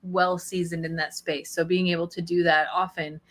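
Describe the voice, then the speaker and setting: Co-host, woman, lower pitch, relaxed and earnest in casual livestream chat. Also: moderate pace.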